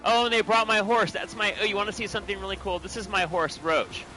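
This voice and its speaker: A man chatting excitedly to viewers while playing a video game. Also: high voice, fast talker, soft background music. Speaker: game streamer. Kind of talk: casual gameplay commentary.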